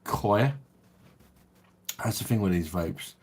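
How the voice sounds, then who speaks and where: Deep-voiced South East London man hosting a casual drinking livestream, relaxed matey chat with viewers. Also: slow pace, husky. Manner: laid-back blokey banter with swearing and chuckles. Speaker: livestream host.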